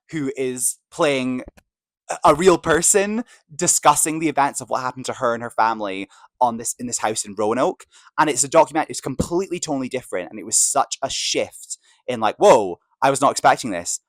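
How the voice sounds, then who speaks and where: A man's voice: mid-range voice, no room sound, rough recording. A man hosting a podcast, gushing in an enthusiastic, chatty way with plenty of fillers. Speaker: podcast host. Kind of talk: casual opinion chat.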